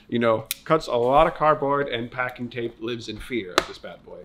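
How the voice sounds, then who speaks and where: A man's voice: mid-range voice, normal speed, hardly any pauses, sharp tone. A man presenting his outfit in a store vlog, with a congested, muffled voice and a playful, mock-grandiose manner. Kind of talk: casual fit-check vlog. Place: clothing store.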